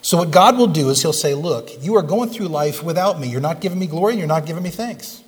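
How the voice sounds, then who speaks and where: A pastor in a church sanctuary delivering a sermon to his congregation, his voice a bit higher than most men's. He talks to the room in an easy, conversational way, often asking them questions, and the sound carries a long hall reverb. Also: lively intonation, fast.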